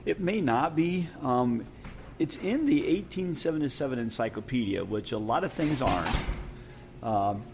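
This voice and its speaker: A man's voice: medium pitch, expressive, moderate pace, noisy background. A man co-hosting a podcast into a headset mic, rambling casually and laughing often. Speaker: podcast co-host. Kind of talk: casual chat.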